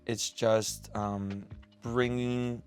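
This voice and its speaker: A man's voice: medium pitch, very slow. Guy, laid back and thoughtful, says like a lot, faint music under it. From Colombia. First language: Spanish. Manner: relaxed, many "like" fillers, reflective. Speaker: musician guest. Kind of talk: casual interview chat. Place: studio.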